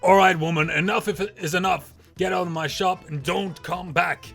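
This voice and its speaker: A man's voice: high-pitched, steady tone, normal speed, gravelly, fairly bright tone, faint music behind, exaggerated voice. Man playing a firm no-nonsense shop cashier.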